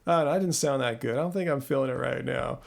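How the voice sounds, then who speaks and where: A man's voice: medium pitch, fast, gravelly. A man in his thirties hosting a casual live-stream Q&A, rambling and self-deprecating as he answers viewers. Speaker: host.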